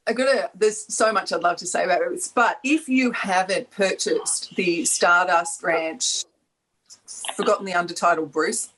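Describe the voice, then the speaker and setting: A woman's voice: lowish voice, moderate pace, fairly bright tone, rough recording. A woman with an Australian accent, chatting enthusiastically on a panel, rambling and laughing often. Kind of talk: casual chat.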